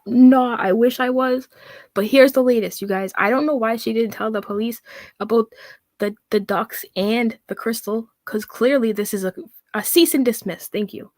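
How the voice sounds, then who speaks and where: Woman, higher voice, sarcastic commentary rant, mocking and profane, dry close recording. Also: moderate pace, darkish tone, no room sound. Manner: mocking, profane, reads comments aloud in a scornful tone. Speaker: commentary vlogger.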